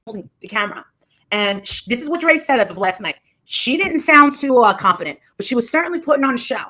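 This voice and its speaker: A woman with a slightly high voice talks on a live stream into a phone or webcam. She rambles, circles back and repeats herself, with a scornful, gossiping edge. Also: sing-song, quick pace, sharp tone. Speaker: livestreamer.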